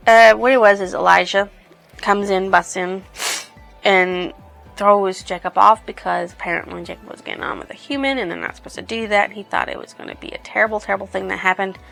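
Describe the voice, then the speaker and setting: A woman's voice: medium pitch, a little fast, vocal fry, a bit bright, soft background music. A woman casually reviewing a book, retelling the plot in a rambling way. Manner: rambling, lots of "she's like".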